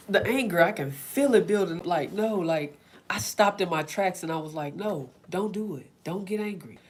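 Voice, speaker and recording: A woman's voice: fairly low pitch, a little hiss or hum. Chatty woman. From Oklahoma, USA. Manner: chatty and rambling, acting out quotes. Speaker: self-care vlog host. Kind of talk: casual chat with live viewers.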